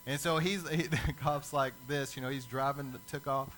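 A man preaching a sermon as a lively storyteller who acts out the people in his stories. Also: medium pitch, normal speed, slight background noise, poor audio.

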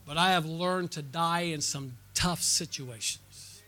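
Bright-voiced preacher swinging loud to hushed. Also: male voice, slow pace. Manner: storytelling, calls out to the congregation; swings from loud excited peaks to quiet low asides. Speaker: pastor. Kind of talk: sermon. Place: church at a conference night.

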